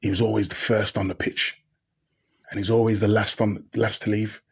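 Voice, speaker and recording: A husky, low-voiced man, a podcast guest sharing stories in an easy, conversational way. He talks in slang and brings the people in his stories to life by voicing them. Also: normal speed. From Birmingham, England. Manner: animated, slangy storyteller who acts out quoted people. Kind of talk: casual interview storytelling.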